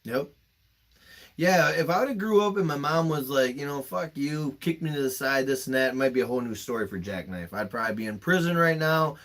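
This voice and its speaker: A man's voice: mid-range voice, brisk, fairly bright tone. A young man hosting a podcast, telling personal stories in an emotional, emphatic way and swearing freely. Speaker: podcast host. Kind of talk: candid podcast storytelling.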